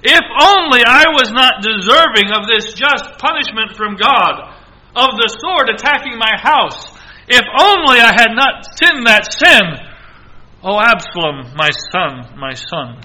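A man's voice: extremely high pitch, sing-song, measured pace, sharp tone, voice pushed up, full character voice, poor audio. A man preaching who acts out an anguished old king crying out for his dead son and blaming himself. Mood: anguished lament.

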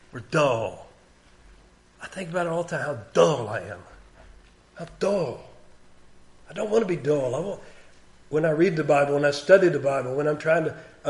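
Plainspoken male preacher, somewhat high voice. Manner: plain conversational preaching, repeats words for emphasis. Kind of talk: sermon.

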